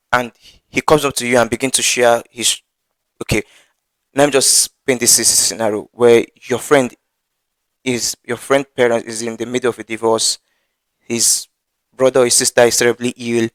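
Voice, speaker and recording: A man's voice: mid-range voice, steady tone, normal speed, pauses often, a bit bright, no echo, poor audio. Earnest stammering man teaching from the Bible. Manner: earnest, frequent stammering and repeated words. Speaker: preacher.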